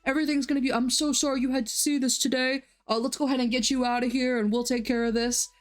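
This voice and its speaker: A woman's voice: high-pitched, fairly even intonation, fast, natural voice. A woman voicing a big male city guard who fusses and repeats himself in a fluster. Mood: soothing. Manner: pet names, flustered repeating.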